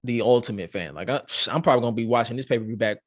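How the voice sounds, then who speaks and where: A man hosting a podcast, reviewing wrestling in excitable, profane, rambling casual chat. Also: mid-range voice, rapid-fire, dry recording, studio quality. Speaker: podcast host.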